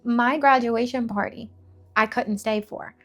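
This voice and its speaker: A woman's voice: fairly high pitch, fairly even intonation, unhurried. A woman giving an emotional personal testimony, telling her story vividly with many fillers and restarts. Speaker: testimony speaker.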